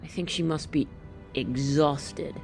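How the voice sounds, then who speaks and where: A woman gently walking children through a picture book, explaining each page and thinking aloud as she goes. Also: sits low, steady tone, takes it slowly, soft background music.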